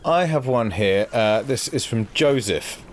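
A man's voice: mid-range voice, expressive, measured pace, a little hiss or hum. A man co-hosting a casual podcast, reading listener letters aloud in a dry, self-deprecating way. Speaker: podcast co-host.

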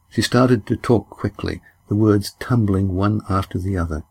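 A man reading an audiobook aloud in a measured, even storytelling manner. His voice is low and slightly husky. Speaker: audiobook narrator. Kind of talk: scripted narration.

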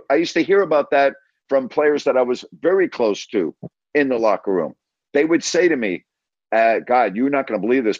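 A man's voice: mid-range voice, no echo, dull audio. A man who works as a sports radio broadcaster, telling a story as an interview guest and acting out the dialogue of the scenes he recounts. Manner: retells scenes with quoted dialogue. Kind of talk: anecdotal storytelling.

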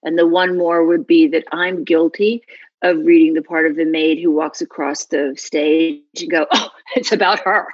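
A middle-aged American actress talking casually in an interview, animated, often laughing and trailing off into asides. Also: female voice, sits low, normal speed, no echo, muffled recording. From United States. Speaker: actor guest.

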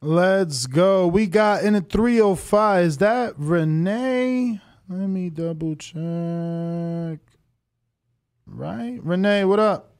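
Man, high voice, challenging host, dry close sound. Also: darkish tone, clear, resonant tone, dry recording. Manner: challenging, rapid questions. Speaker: podcast host taking calls. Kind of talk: call-in boxing debate.

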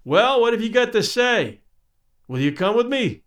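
Young army captain, resolute and persuasive, lively tone, read by a man. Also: very high-pitched, normal speed, clean tone, dry recording, voice pushed up, exaggerated voice.

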